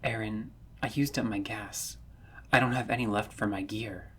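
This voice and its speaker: A man doing a soft, hesitant young woman soldier. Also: lowish voice, steady tone, normal speed, breathy edge. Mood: subdued.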